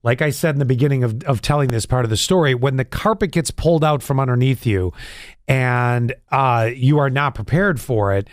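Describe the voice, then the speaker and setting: A man's voice: a little fast, no room sound, studio quality. A middle-aged man co-hosting a podcast in casual chat, rambling and candid, full of restarts. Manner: candid, rambling storyteller with restarts and sudden pitch jumps. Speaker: podcast co-host.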